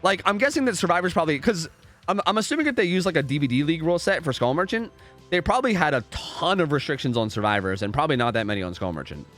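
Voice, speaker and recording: A man's voice: on the high side, expressive, rapid-fire, a bit bright, faint music behind. A young man casually commentating a game live on stream, rambling, repeating himself and swearing freely.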